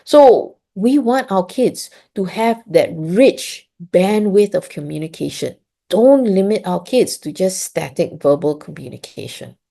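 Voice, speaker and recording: Woman, webinar presenter, low gravelly voice, dark tone, explanatory, checks in often. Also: lively intonation, a little slow. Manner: explanatory, checks in with frequent "okay?" and "right?". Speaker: webinar presenter on autism support. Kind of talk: webinar talk.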